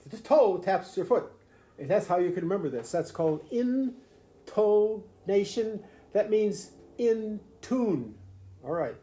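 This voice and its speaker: A man's voice: sits high, very animated, moderate pace, mellow. An older grandfather explaining the fiddle to a grandchild in a folksy, rambling way, full of restarts and chuckles. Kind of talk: casual home video lesson.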